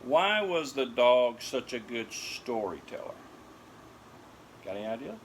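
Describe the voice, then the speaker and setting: A man's voice: medium pitch, sing-song, measured pace, a little hiss or hum. An older man telling corny dog jokes at home to his dogs, laughing at his own puns and then explaining them. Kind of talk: corny joke routine.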